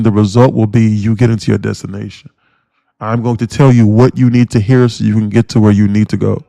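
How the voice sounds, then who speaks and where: Gravelly man calling trades live. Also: lowish voice, dry recording, studio quality. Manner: animated, repetitive and emphatic, with frequent restarts. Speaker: day trader streaming live. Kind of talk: live trading commentary.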